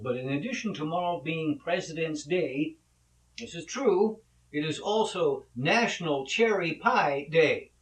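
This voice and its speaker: Male vlogger, chatty and loose, slightly high voice, echoey distant recording. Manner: conversational, rambling with asides. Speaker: vlog host, actor. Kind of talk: casual monologue and joke telling. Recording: echoey room, mic at a distance.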